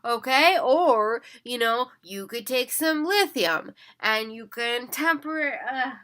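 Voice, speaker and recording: Weary woman vlogger, bright voice, earnest and pleading, prone to restarts. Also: fairly high pitch, lively intonation, slow. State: tired, yawning. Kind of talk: casual monologue to camera.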